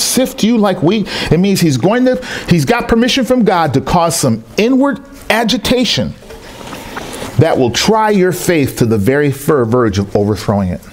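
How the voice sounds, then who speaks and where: Animated man preaching a sermon. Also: sits high, a little hiss or hum. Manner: animated storytelling preacher, acting out quoted voices. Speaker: pastor. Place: church service in a rented hall.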